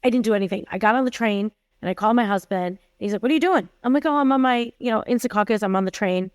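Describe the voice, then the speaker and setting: A woman's voice: medium pitch, fast, no echo. A woman in her forties, a tech company CEO, talking candidly as a podcast guest and acting out the dialogue in her stories. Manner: emphatic, acts out quoted dialogue in her stories. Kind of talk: candid conversational storytelling.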